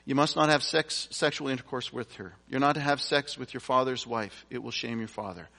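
A man's voice: medium pitch, steady tone, a little fast, vocal fry, sharp tone. A man preaching a sermon, reading scripture aloud and explaining it in a conversational way with casual asides. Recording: long reverb from a large hall.

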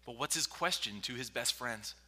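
A male pastor giving a sermon, swinging from loud, forceful lines to hushed whispers, recorded in a church. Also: medium pitch, expressive, normal speed, slightly rough. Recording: long reverb from a large hall.

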